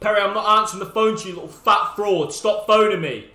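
High-voiced streamer in an echoey room. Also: male voice, fast, soft background music. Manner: banter with chat, teasing viewers, sudden shouts. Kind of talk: live-stream gaming chat.

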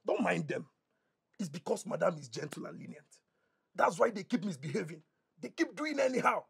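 Tough nigerian protector, very raspy, quick talker, gravelly. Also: male voice, high-pitched, big pitch swings, a bit bright, heavily acted. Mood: confident. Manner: confident, protective, boasting. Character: tough, protective man guarding the household. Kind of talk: Nollywood film acting.

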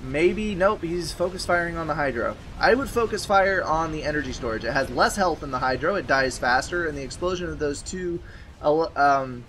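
A man's voice: on the high side, normal speed, a bit bright, slight background noise. Man casting a strategy game, wry. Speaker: game caster. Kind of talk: game commentary.

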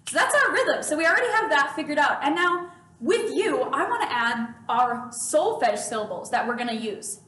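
A woman's voice: high voice, sing-song, normal speed, fairly bright tone. A woman music teacher giving a children's music lesson in a patient, encouraging way. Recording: echoey room, mic at a distance.

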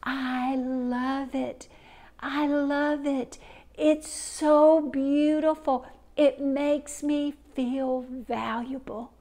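A soft-spoken mother, moved to tears, as a woman storyteller puts her on. She speaks in a hushed, unhurried way with a fairly high voice. Her tone stays gentle and close. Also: fairly even intonation, full character voice. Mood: tender. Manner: hushed, slow and tender.

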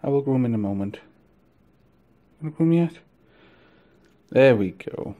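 A man filming a casual vlog of his pet ferrets, cooing to them in gentle baby talk. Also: medium pitch, animated, a little slow, narrow, tinny audio. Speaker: vlogger.

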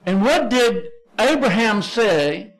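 A man with a Texan accent preaching a sermon as pastor, conversational and emphatic, slowing down to stress key phrases. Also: high voice, lively intonation, faint music behind, low-quality recording.

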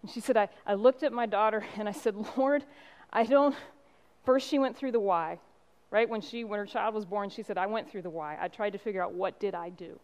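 A woman's voice: medium pitch, a little mellow, muffled recording. Impassioned woman pastor preaching. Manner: impassioned preaching with storytelling and emphatic pauses. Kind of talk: sermon.

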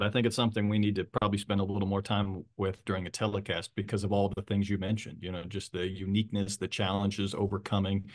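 A man, a sports broadcaster, asking a coach long, rambling questions at a press conference. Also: fairly low pitch.

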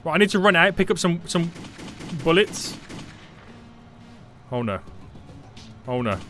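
Panicky, excitable gaming commentator man. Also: a little high, unhurried, a little hiss or hum. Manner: panicky, excitable, repeats phrases. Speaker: gaming YouTuber. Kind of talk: live gameplay commentary.

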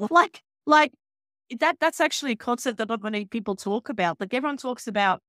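A woman hosting an interview podcast in casual chat, candid and animated, swearing freely and acting out conversations. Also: on the high side, moderate pace, no room sound, studio quality. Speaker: podcast host.

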